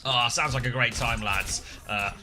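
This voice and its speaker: At a moderate pace and medium pitch, a southern English man gives casual live co-stream commentary on an esports match, laughing a lot as he chats with his viewers.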